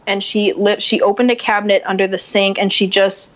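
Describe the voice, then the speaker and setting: A woman guest on a podcast telling a personal story in casual chat, animated and acting out the voices of people she quotes. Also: mid-range voice, brisk. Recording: muffled lo-fi sound.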